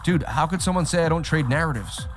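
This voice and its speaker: Guy running a live stream, kinda high voice, keeps repeating himself, faint music behind. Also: fast. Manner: animated, repeats himself, talks straight to chat. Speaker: livestream host. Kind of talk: casual livestream chat.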